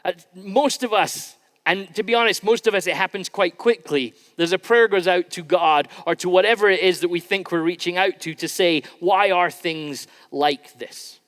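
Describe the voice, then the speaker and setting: A man's voice: sits high, normal speed, fairly bright tone. A man preaching a sermon as pastor, in an informal, conversational way with frequent restarts. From Scotland. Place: church sanctuary. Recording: long reverb in a large church hall.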